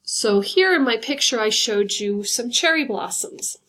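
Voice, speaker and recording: A woman teaching a class in a fairly high voice. She explains patiently and step by step, and she slows down whenever she counts things out. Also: animated, a bit bright. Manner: patient, instructive, guides step by step. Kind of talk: recorded classroom lesson.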